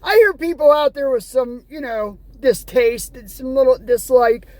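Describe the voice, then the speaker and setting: A high-pitched woman from the United States vents in an angry vlog rant, sarcastic and exasperated. Her voice sits close and dry. Now and then she reads news headlines aloud. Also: moderate pace, a little mellow, dry recording. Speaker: vlogger.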